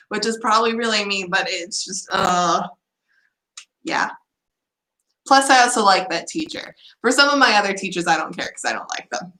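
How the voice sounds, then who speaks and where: A woman's voice: fairly low pitch, bright, forceful tone, roomy sound, poor audio. A young woman from the United States chatting casually in a student vlog, self-deprecating and giggly. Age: young adult. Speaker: student vlogger.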